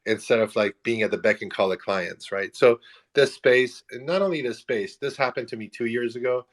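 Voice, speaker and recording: A man in his forties, an animated, self-mocking storyteller who laughs often in a casual online audio chat. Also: medium pitch, moderate pace.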